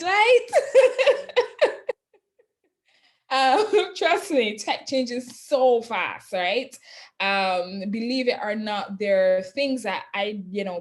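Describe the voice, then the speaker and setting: A woman giving a casual webinar presentation on digital marketing, chatty, laughing often and checking in with "right?". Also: mid-range voice. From not from Jamaica.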